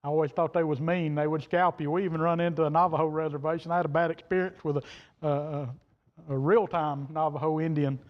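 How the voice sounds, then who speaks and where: A preacher man with a fairly high voice, telling a folksy story from the pulpit in plain words. His voice rings through a church hall with a long echo, and the sound is dull and muffled. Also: level tone, fast. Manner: folksy, plain-spoken, quoting others in turn. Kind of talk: sermon storytelling. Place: church sanctuary.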